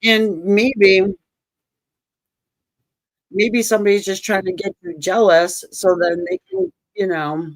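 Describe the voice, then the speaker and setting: A woman's voice: mid-range voice, lively intonation, takes it slowly, pauses often, no echo, rough recording. Joking, profane woman tarot reader. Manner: joking, sarcastic and profane, laughs often. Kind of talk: casual tarot reading.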